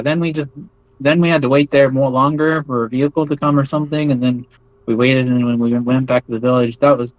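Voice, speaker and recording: An American man in a relaxed interview, telling his story in a loose, wandering way with lots of "like" and false starts. His voice sits at an ordinary middle pitch. The sound is dry and close, with no room echo. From United States. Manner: rambling, many fillers and restarts. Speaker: interview guest recounting experiences. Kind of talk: casual spoken storytelling.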